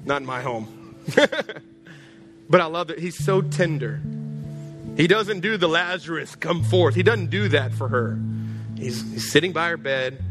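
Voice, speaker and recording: A man preaching a sermon as pastor, animated and joking, acting out voices. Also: a little high. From Texas.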